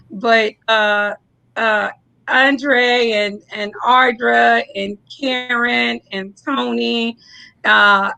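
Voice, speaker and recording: A woman's voice: a little high, gravelly, bright, forceful tone, no echo. A woman from Tennessee, speaking effusively to viewers on a video call as she hosts a live-stream announcement. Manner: effusive, laughing, addresses viewers as y'all. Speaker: host announcing her new venture.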